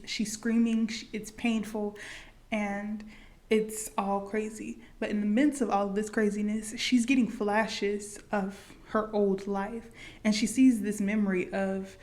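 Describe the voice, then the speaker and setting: A woman's voice: medium pitch, a little mellow. Casting note: woman vlogger, chatty recap, loose filler-heavy delivery. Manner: chatty, many likes and fillers. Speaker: movie reaction vlogger. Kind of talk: casual movie recap.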